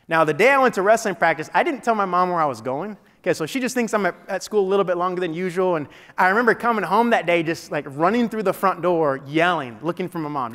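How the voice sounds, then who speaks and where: A man with a slightly high voice tells a personal story as a keynote speaker. He talks in a loose, conversational way, restarting sentences and dropping in filler phrases. His voice rings out with the long reverb of a large meeting hall. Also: fairly bright tone. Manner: conversational, with frequent "you know" and restarts. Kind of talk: motivational storytelling speech.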